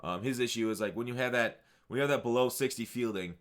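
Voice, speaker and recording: A man's voice: mid-range voice, fast, fairly bright tone. Rambling male gaming commentator. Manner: rambling, many fillers and self-corrections. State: hiccuping. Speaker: gaming channel host. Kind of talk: casual video game commentary.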